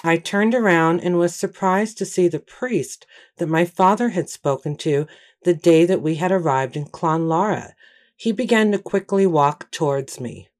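A woman giving first-person audiobook narration in a steady, measured storytelling manner. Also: on the low side.

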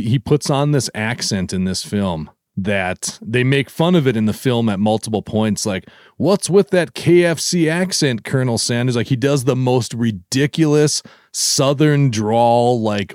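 This podcast co-host talks in an unhurried way with hardly any pauses, his medium-pitched voice a touch mellow. He rambles through an enthusiastic, casual chat full of fillers. The sound is clean studio audio with no echo.

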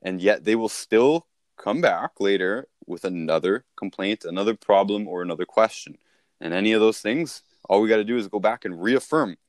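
A man's voice: on the low side, moderate pace, no echo, clean studio sound. A man talking casually as a sales coach, repeating and restarting himself as he explains.

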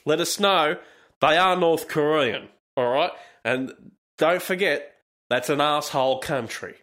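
A man's voice: fairly high pitch, unhurried, a bit bright. A man hosting a casual solo podcast, commenting on news in a profane, rambling, jokey way. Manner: profane, laughing, wandering commentary. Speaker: podcast host.

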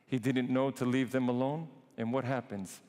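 A man preaching a sermon, emphatic, drawing some phrases out slowly and rushing others. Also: medium pitch, fairly even intonation, dark tone, long reverb tail. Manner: emphatic, shifts between slow and quick phrasing. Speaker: priest preaching.

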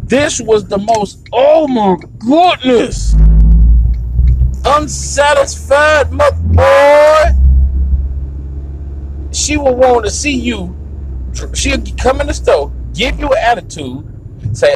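A man hosting his own show, talking in an animated, rambling, slangy rant. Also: very high voice, takes it slowly, long pauses, background noise. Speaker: podcast host. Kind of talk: ranting monologue.

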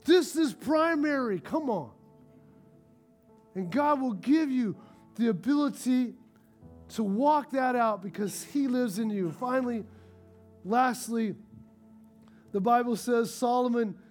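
Animated high-voiced male preacher. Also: slow pace, long pauses, faint music behind. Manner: animated storytelling, rising to excited shouts. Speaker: pastor. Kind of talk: sermon.

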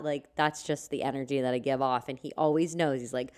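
Woman podcast host, low and smooth voice, chatty solo talk, rambling asides. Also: steady tone, fairly quick, few pauses, darkish tone. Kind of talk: casual solo podcast chat.

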